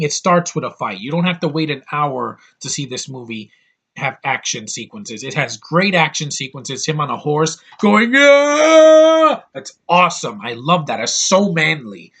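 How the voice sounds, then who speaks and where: A man's voice: a little high, fairly bright tone, husky. A man in his thirties talking through a DVD haul in a casual vlog, blunt and opinionated, rambling with crude outbursts. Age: 30s. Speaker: YouTube reviewer.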